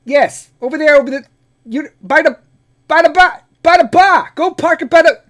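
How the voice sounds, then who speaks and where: A man's voice: high voice, slow, fairly bright tone, voice pushed up. A man voicing a flustered Boston man who stumbles over parking directions, with a Boston accent. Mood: exasperated. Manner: rambling, stammering, increasingly exasperated.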